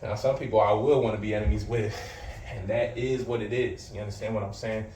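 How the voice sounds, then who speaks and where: A man vlogs casually in a low, steady, warm voice, talking briskly, bluntly and with plenty of slang, swearing and boasting while a little out of breath. He's off the mic, so the sound is roomy with faint background noise.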